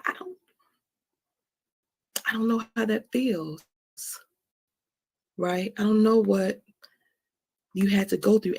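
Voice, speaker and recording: Her mid-range voice is gravelly and slightly rough, with a somewhat mellow quality. On her own stream, this woman talks candidly and emotionally about forgiveness, confessing frankly and cursing occasionally. She circles back to the same phrases and keeps asking "right?".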